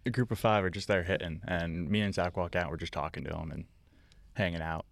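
A man's voice: low voice, brisk, gravelly, no echo. A man who coaches hitting, telling a laid-back anecdote in a casual podcast chat.

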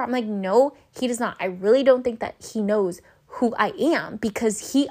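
A woman's voice: fairly high pitch, animated, normal speed, few pauses, darkish tone. A young woman hosting a podcast, telling a personal story casually and animatedly, swearing and acting out her own panicked lines. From Southern California. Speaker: podcast host.

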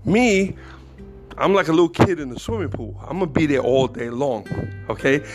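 A man's voice: on the high side, expressive, normal speed, faint music behind. A man hosting a podcast and telling a personal story in a casual, slangy, self-mocking way, often breaking into laughter. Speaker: podcast host.

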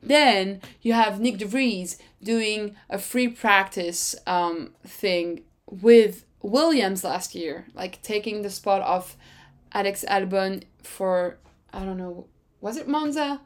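Talking slowly in a mid-range voice, a French-speaking woman chats solo on her podcast. She's chatty and rambling, often correcting herself and jumping into excited tangents without warning.

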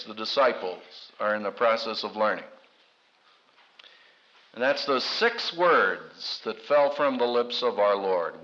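A man preaching a sermon with dramatic delivery and humorous asides, acting out quoted voices. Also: pushed and bright. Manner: dramatic, acts out quoted voices with big pitch swings. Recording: dull lo-fi recording.

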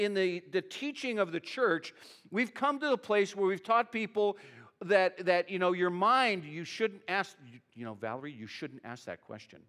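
A man's voice: high voice, fairly bright tone. A middle-aged male pastor preaching a sermon in a conversational, emotional way, often adding "you know" and "okay".

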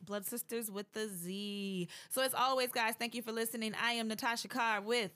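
A woman's voice: on the high side, fairly even intonation, normal speed, pushed and bright. A woman hosting a true-crime podcast in casual chat, playful and giggly, hyping the next episode. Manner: playful, giggly, hypes the outro. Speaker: podcast host.

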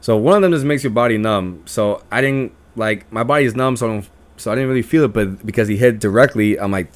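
A man's voice: lowish voice, a little fast. A young man casually telling stories about his friends, swearing a lot and acting out their lines in a raised voice. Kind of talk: casual storytelling.

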